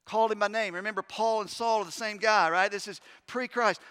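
A man preaching a sermon as pastor, emphatic, swinging between urgent loud stretches and hushed, intense ones, with conversational asides to the congregation. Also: high voice, fairly even intonation, fairly quick, few pauses, clean tone. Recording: long hall reverb.

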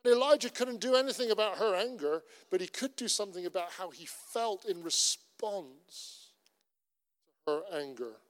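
A man's voice: high-pitched, animated, moderate pace. A middle-aged man with a Cornish accent, a pastor preaching a sermon in an earnest, conversational way with lots of repetition. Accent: Cornish English. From Cornwall. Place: church. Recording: long reverb of a church hall.

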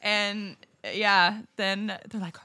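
A woman co-hosting a podcast, telling a story in casual chat, animated and laughing often, swearing and acting out what people said. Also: mid-range voice, extremely slow. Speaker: podcast co-host.

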